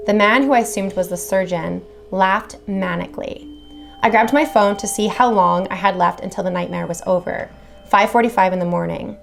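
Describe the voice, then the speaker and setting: A woman's voice: mid-range voice, creaky. A woman hosting a video channel, reading horror stories aloud and then chatting casually with viewers, swearing freely and gushing.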